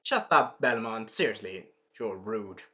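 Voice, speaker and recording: A man voicing a brooding young male half-vampire swordsman, dropping to a low, quiet, curt tone. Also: expressive, unhurried. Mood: annoyed.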